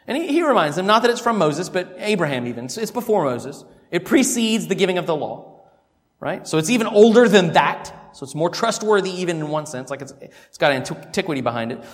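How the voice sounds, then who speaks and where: A man preaching in a fairly high voice, talking through scripture like a conversation. He swings from hushed asides to loud, emphatic bursts. His voice rings out with a long reverb, as in a large church hall. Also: sing-song, moderate pace. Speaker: pastor. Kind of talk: expository sermon.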